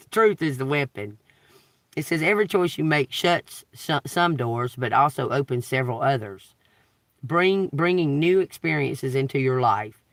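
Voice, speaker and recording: Man, tarot livestream, gravelly, dry close sound, emphatic, casual preaching. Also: medium pitch, a bit bright, dry recording. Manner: reads scripture then riffs casually, repeats "okay?" often; emphatic, swears and laughs while preaching. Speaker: tarot reader. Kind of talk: livestream spiritual reading.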